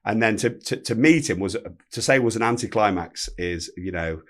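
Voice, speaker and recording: A man, telling a story as a podcast guest, animated and swearing freely. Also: on the low side, normal speed. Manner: animated anecdote-telling, swears freely, acts out quoted speech. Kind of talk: casual storytelling.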